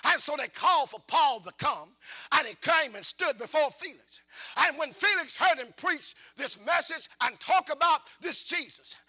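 A middle-aged man delivers a call-and-response sermon in a folksy, repetitive style, putting questions to the congregation and shifting between hushed asides and fervent shouting. His voice is very high-pitched and expressive, at a moderate pace.

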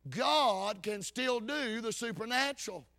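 Preaching a sermon a little slowly, a Baptist preacher uses lively intonation and a very high, bright, forceful voice. His delivery is fervent and folksy, alternating loud calls with low asides.

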